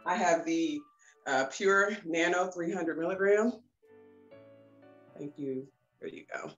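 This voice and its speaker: A wellness class leader guides a breathing session in a fairly low, slow voice, with dull audio. She is bubbly, laughs often, and sounds slightly breathless, in an echoey room with faint music.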